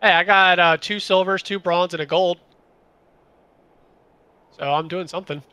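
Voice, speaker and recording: Playing an online shooter on stream, this young man swears at teammates, reacts to the action and chats casually with his friends. He has a high voice with a steady, sharp tone and moves at a moderate pace. The sound is clean with no echo.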